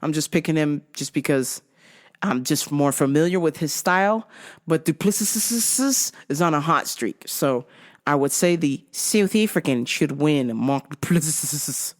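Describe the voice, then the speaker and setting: A woman's voice: sits low, animated, measured pace. A woman hosting a vlog, giving casual, profane, giggly commentary full of slang. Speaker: vlog host.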